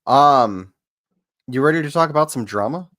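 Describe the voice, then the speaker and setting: A man in casual chat, reading out news headlines and talking in a hesitant, halting way with many fillers. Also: mid-range voice, lively intonation, a bit bright, no echo, studio quality.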